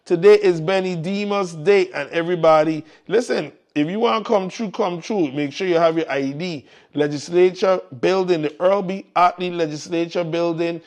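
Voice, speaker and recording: A man with a lilt hosts a live community show in easy, casual chat. His voice sits a little high, and he keeps repeating his encouragements to the listeners in an upbeat way. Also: moderate pace, hardly any pauses, a little mellow. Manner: upbeat, repetitive exhortations to the audience. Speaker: morning show host.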